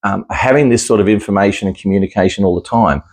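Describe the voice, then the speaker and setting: This psychic medium talks fast in a lowish, darkish voice, casually addressing the camera about his experiences. His delivery rambles, with frequent restarts and relaxed chuckles.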